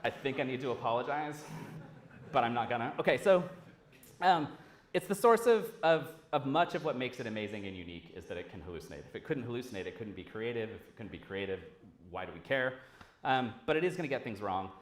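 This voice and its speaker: A man giving a casual, animated conference talk, swearing freely as he speaks. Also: medium pitch, fast. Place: large lecture hall. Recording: roomy hall sound.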